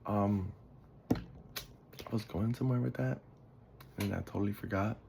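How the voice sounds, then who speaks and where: A sleepy, yawning podcast host from the Bronx, New York, rambles casually through stories in a monologue, losing his thread and swearing offhandedly. His voice is on the low side and warm with vocal fry, at a measured pace, and there's a slight hiss or hum.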